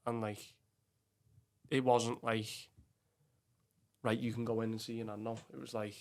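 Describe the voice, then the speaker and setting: Flat-voiced Scouse young man recounting loss. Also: mid-range voice, unhurried. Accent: Liverpool Scouse. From England. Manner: blunt, swears often, calls the listener "lad". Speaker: podcast guest. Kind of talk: emotional storytelling.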